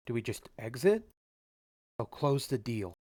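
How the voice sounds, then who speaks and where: A man's voice: medium pitch, very animated, unhurried, darkish tone, no room sound, clean studio sound. A man streaming a medieval game, thinking aloud and making wry asides about what happens on screen. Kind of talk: casual let's-play commentary.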